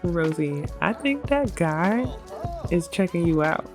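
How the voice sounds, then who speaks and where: A woman's voice: fairly low pitch, big pitch swings, takes it slowly, over music, heavily acted. Woman voicing a pushy teasing girlfriend. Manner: teasing, egging on.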